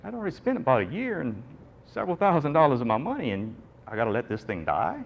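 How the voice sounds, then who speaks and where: Man, nurse presenter, animated, joking, sings up and down with his pitch, a bit of room hum. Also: fast, vocal fry, lo-fi sound. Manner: animated storyteller, jokey, acts out quoted people. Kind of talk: conference talk storytelling.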